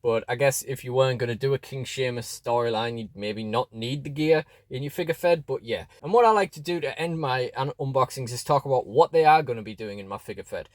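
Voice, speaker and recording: A man's voice: mid-range voice, fairly quick, few pauses, no echo. A man chatting casually through a toy unboxing review, rambling with fillers and restarts, recorded close and dry.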